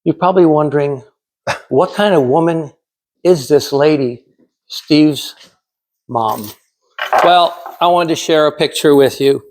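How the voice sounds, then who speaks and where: A man in his sixties from California giving a prepared storytelling speech in a measured, dramatic way with pauses. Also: fairly high pitch, darkish tone, slight background noise. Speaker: club speaker.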